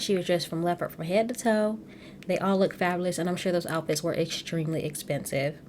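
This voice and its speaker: Chatty gossiping woman with a low voice. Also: fairly quick, a little mellow, a little hiss or hum. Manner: chatty and gossipy, laughs often, addresses listeners as y'all. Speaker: podcast host recapping a reality show. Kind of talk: casual chat.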